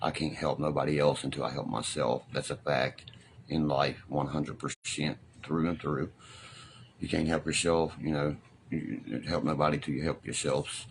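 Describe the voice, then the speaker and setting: A middle-aged man from talks to his live-stream viewers in a drawl. His voice sits low and deep. His talk rambles, swears freely and leans on fillers. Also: fairly even intonation, normal speed, vocal fry, a little hiss or hum. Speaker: livestreamer. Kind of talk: casual live-stream chat.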